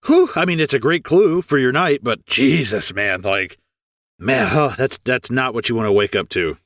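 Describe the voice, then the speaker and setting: A man's voice: mid-range voice, expressive, normal speed, a bit bright, no room sound. Guy cohosting a film podcast, laughing while retelling scenes, dry close mic. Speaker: podcast co-host. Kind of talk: casual movie discussion.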